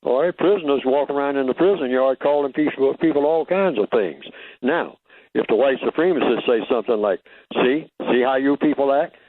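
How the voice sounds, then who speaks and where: A man's voice: medium pitch, lively intonation, fairly quick, no echo. Man lecturing down a tinny phone line. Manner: emphatic, teacherly, poses rhetorical questions. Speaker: radio interview guest. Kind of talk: radio interview talk. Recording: tinny phone-line radio audio, dry.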